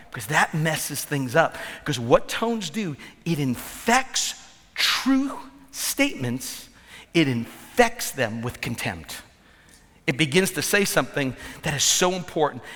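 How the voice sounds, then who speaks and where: A man preaching a lively sermon as pastor, grew up in the northern US, with quick repeats and asides to the congregation. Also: a little high. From northern United States. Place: large church hall. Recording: church hall reverb with soft music.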